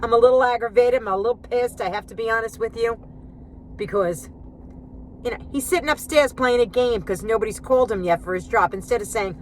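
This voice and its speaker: A woman's voice: fairly high pitch, a little fast, slight background noise. Chatty, sarcastic woman vlogging on the go. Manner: sarcastic, chatty, talks to viewers as friends. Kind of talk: casual vlog rant. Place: car and grocery store, then home kitchen.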